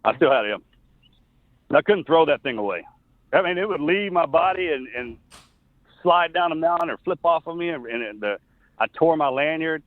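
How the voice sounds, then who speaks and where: A middle-aged man, a former soldier, tells a personal story as an interview guest. He is earnest and halting, often restarting his sentences. His voice comes through a thin, tinny phone line with no room sound. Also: a little high, expressive, no room sound. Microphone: phone call.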